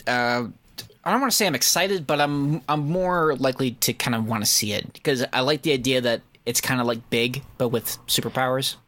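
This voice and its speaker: A man's voice: medium pitch, fairly quick, a bit bright. A man joking in a casual chat. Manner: joking, drops into silly voices. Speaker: podcast co-host.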